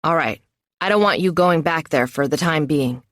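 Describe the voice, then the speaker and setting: A commanding man leading his team, curt and firm in every question, voiced by a woman narrator. Her low voice keeps it plain, with a close, dry storybook sound. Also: moderate pace, fairly bright tone, dry recording.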